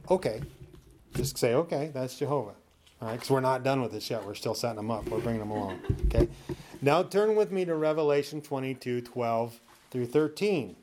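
A man teaching a sermon in a conversational, coaching way, often checking in with "okay?" and slowing down to read scripture aloud. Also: medium pitch, darkish tone.

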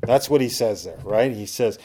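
Guy preaching a sermon, warm low-key tone, checks in with okay and right, gets loud on the punchlines. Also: moderate pace, slight background noise. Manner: rising to emphatic peaks when acting out quoted attitudes; conversational teaching with tag questions. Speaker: pastor.

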